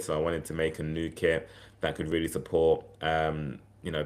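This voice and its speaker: A man hosting a casual health livestream, chatty and rambling, with plenty of fillers and restarts. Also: a bass voice. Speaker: herbal health livestream host.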